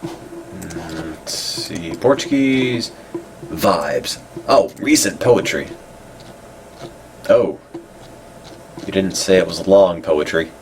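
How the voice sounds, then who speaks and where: A congested man making dry, deadpan remarks while browsing and reading out old web pages. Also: low voice, drawn-out words, gravelly, long pauses, slight background noise.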